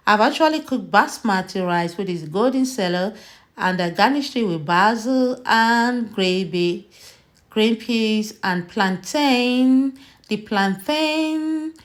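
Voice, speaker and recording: Slow-talking woman hosting a cooking vlog. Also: medium pitch. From Nigeria. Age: adult, mother. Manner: slow, chatty, tastes food on camera and laughs. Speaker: cooking channel host. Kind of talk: casual cooking vlog narration.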